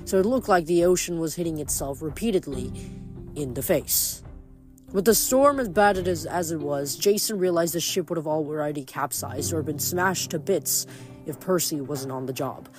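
Audiobook-style reader, plain and steady, faint music behind. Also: mid-range voice, normal speed. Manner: steady, plain reading with small self-corrections. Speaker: narrator reading a novel aloud. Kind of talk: fan audiobook reading with recap.

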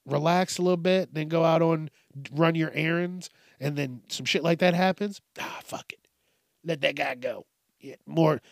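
A man's voice: a little high, gravelly, dry recording. Male podcast host, crude comedic ranter, dry close mic. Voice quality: crude, swearing constantly. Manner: animated, mock voices for quoted people. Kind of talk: profane comedic rant.

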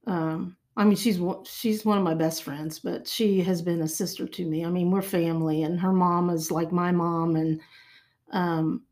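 A woman's voice: on the low side, steady tone, normal speed, a little mellow. An older woman guest talking in a chatty way, often repeating words as she thinks. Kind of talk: interview conversation.

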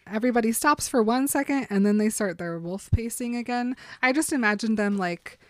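A woman's voice: a little high, normal speed, dry recording. Chatty woman recapping a story. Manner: animated retelling with acted quotes and laughs. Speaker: podcast co-host. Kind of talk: casual book recap chat.

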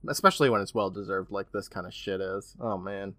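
A man's voice: low-pitched, fairly quick, no room sound, clean studio sound. A man co-hosting a podcast, recapping an episode in casual chat and acting out the lines he quotes. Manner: animated storytelling, acts out quotes. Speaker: podcast co-host.

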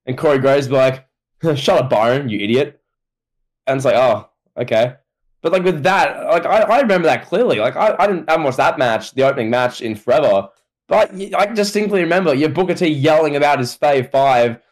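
A man's voice: a little high, expressive, quick pace. A man co-hosting a podcast in casual chat, rambling with restarts and fillers. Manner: rambling, repeats words, fillers. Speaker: podcast co-host.

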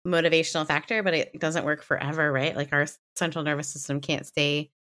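A woman's voice: deep voice, steady tone, fairly quick, fairly bright tone. A woman co-hosting a podcast, responding to a guest in a reflective, explanatory way. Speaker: podcast co-host. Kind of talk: conversational interview.

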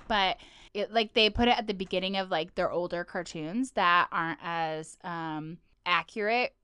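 Chatty woman with a smooth voice. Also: on the low side, fairly bright tone, no echo, studio quality. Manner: chatty, giggly, lots of "like". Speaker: podcast co-host. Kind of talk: casual podcast chat.

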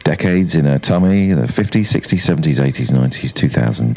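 A man co-hosting a casual podcast chat, with dry, deadpan teasing. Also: extremely low pitch, a little fast, few pauses, background noise. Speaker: podcast co-host.

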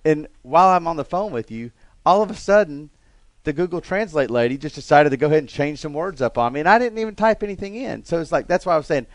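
A middle-aged man from Alabama, telling animated stories and laughing often in a casual chat. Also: on the high side, fast talker, dry recording. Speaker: co-host.

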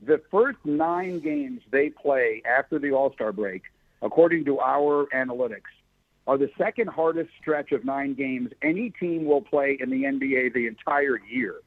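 A man's voice: mid-range voice, lively intonation, normal speed, no room sound. A man hosting a sports talk show, chatting casually and often restarting his sentences. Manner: thoughtful, frequent restarts. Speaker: sports podcast host. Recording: tinny phone-like sound.

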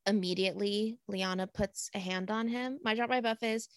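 A woman's voice: mid-range voice, fairly even intonation, normal speed, dry recording, studio quality. A woman comedian guest chatting on a podcast, laughing often and acting out quoted lines. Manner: giggly, acts out quotes in bursts. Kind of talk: casual podcast chat.

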